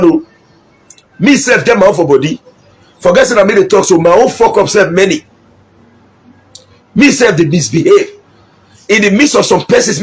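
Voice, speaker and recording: Nigerian man, middle-aged, husky high voice, fiery political speech, switches between Pidgin and English. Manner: impassioned, mixes Pidgin and English, repeats for emphasis. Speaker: local politician.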